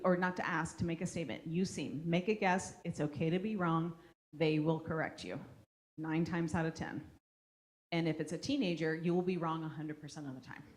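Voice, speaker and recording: A woman with a fairly low voice runs a parent workshop in a school room, speaking conversationally to the audience. She keeps checking in with a frequent "okay?" while acting out what kids and parents say in this interactive workshop talk.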